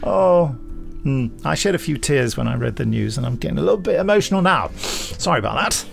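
A podcast host who is also a writer-director tells an anecdote in a casual, animated way, laughing as he goes and acting out the quotes. His voice is on the high side, fairly quick and gravelly, with faint music in the background.

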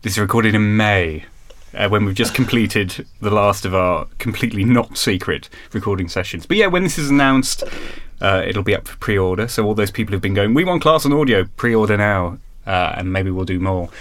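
A man's voice: lowish voice, brisk, fairly bright tone, slight background noise. A man chatting casually over a video call, hesitant, with many fillers and restarts. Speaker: guest producer.

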